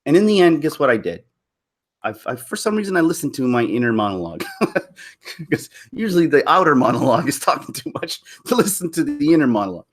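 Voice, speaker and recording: A man's voice: on the high side, very animated, fairly quick. A man on a live stream, telling a personal story to his viewers in a candid, rambling way with frequent restarts. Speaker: YouTube commentator.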